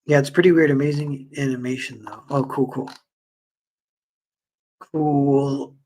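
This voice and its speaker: A man's voice: mid-range voice, a little slow. Rambling casual man streamer. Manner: rambling, filler-heavy, animated retellings. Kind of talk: casual livestream chat.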